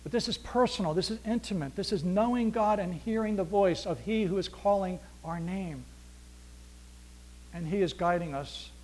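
A man preaching a sermon as pastor, swinging between loud emphasis and near-whispered hushes, acting out dialogue and asking rhetorical questions. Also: high-pitched, moderate pace.

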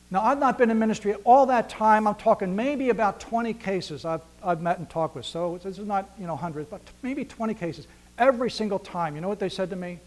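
Brisk and high-pitched, a male pastor moves back and forth between emphatic loudness and near-silent hushes in his sermon. He performs dialogue and leans on rhetorical questions.

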